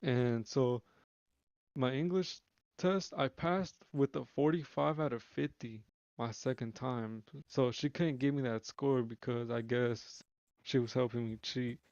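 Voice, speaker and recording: A young man streaming live spins a long story in casual, slangy speech, swearing freely and restarting often as he rambles. His mid-range voice is unhurried and a little mellow; there's no echo, and the highs are cut off.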